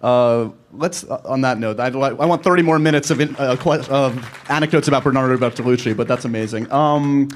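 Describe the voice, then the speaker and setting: A man moderating a live Q&A, upbeat and quick as he moves on to audience questions. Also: mid-range voice, a little hiss or hum. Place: stage event with audience.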